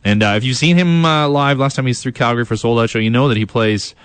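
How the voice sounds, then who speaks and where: A man's voice: medium pitch, quick pace, clear, resonant tone, no echo. A young man hosting a radio show, chatting casually, rambling with lots of fillers and self-deprecating asides. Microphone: studio mic.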